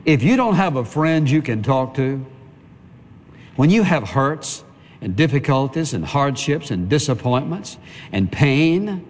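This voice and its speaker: A man's voice: a little high, darkish tone. Preaching man in a reverberant hall. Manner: earnest, conversational preaching with repetition. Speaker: pastor. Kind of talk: sermon. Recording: long reverb of a big hall.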